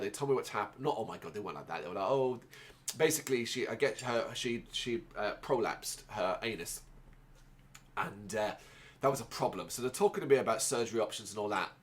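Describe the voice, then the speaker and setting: Emotional man telling a personal story. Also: lowish voice. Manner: emotional, rambling, swears, frequent restarts. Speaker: podcast host.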